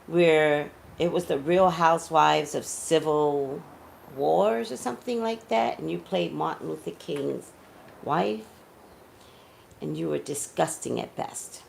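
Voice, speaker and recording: A woman delivers blunt, scolding commentary on celebrities, her voice low and gravelly. Her pitch swings widely as she lectures, emotional and outspoken. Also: a little mellow. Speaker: psychic commentator.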